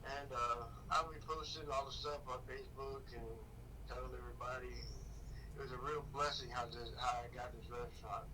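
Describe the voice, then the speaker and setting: A man's voice: medium pitch, fairly even intonation, noisy background. Upbeat man calling in on a distant phone line. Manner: rambling, upbeat, slow-paced storytelling. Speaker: restaurant owner calling in. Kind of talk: phone-in radio chat.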